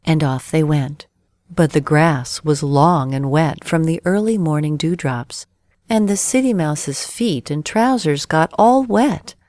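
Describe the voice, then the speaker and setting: A woman narrating a bedtime storybook, slow and clear. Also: low voice, a little mellow, no room sound, clean studio sound.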